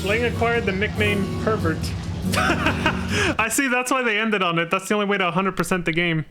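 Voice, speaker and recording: A man's voice: high voice, a little fast, loud music behind the voice. A man giving casual, profane let's-play commentary with laughing asides. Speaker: streamer.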